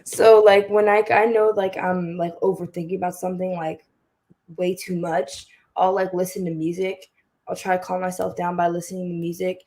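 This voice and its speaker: A woman's voice: on the low side, little pitch movement, normal speed, darkish tone. A teenage girl on a panel, speaking hesitantly with many fillers. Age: teens. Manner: hesitant, lots of "like". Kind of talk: panel discussion.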